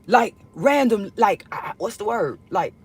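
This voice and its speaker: A woman telling a personal story in a casual monologue, emotional and profane, rambling and swinging between loud outbursts and hushed asides. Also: mid-range voice, animated, measured pace, breathy edge. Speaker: storyteller vlogger.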